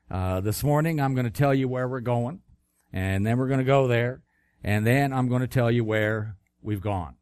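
A man preaches a sermon at a medium pitch. He talks in a conversational way, with occasional fillers and restarts. The sound is dry and close. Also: darkish tone, clean tone, no room sound. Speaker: pastor.

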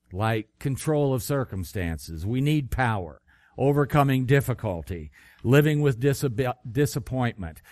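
A man's voice: medium pitch, a little mellow, no room sound, clean studio sound. A man preaching a sermon in a conversational way, with fillers and restarts. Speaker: pastor.

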